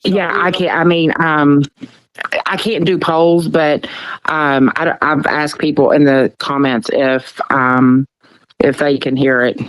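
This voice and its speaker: A woman's voice: deep voice, steady tone, takes it slowly, no echo, poor audio. A woman co-hosting a casual livestream, speaking hesitantly with many ums as she retells events. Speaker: livestream co-host.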